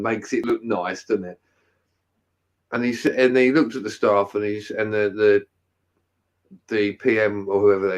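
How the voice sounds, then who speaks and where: A man in a casual chat over an online call, telling stories in a laid-back way and laughing along. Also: fairly low pitch.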